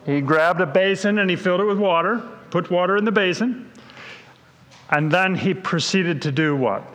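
A man with a fairly high voice leads a question-and-answer review of a Bible story, conversational and explaining as he goes. The sound carries a long reverb from a hall. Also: moderate pace, a bit bright. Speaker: Bible teacher.

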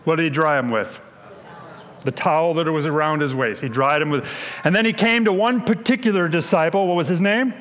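Man, Bible teacher, higher-pitched, conversational quizzing style, reverberant hall. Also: fairly quick, a bit bright. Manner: quizzing, conversational, explains as he goes. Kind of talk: question-and-answer Bible story review.

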